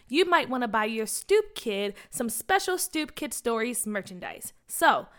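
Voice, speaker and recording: An excited woman hosts a children's story show. She talks with a lot of energy, and her voice is high and bright. She reads announcements and then narrates the story. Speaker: children's story podcast host.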